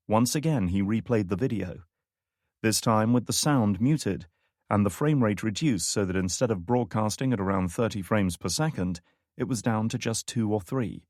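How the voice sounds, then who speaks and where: A man narrates a thriller audiobook in a measured, steady way. His voice sits low. The recording is close and dry. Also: no echo. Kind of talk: scripted narration.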